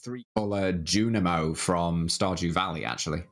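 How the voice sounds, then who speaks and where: Man in a casual game stream, lower voice, reads on-screen text, hesitant fillers. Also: normal speed, fairly bright tone. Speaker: game player on a live stream.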